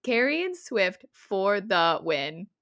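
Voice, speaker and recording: A woman's voice: mid-range voice, big pitch swings, very slow, a bit bright, no echo, studio quality. A woman co-hosting a casual book podcast, animatedly retelling scenes and acting out lines. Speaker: podcast co-host.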